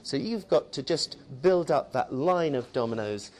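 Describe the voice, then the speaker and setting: A man's voice: fairly high pitch, expressive, measured pace, darkish tone. Chatty man leading a teacher workshop. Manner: chatty, tag questions. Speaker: teacher trainer. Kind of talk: workshop presentation.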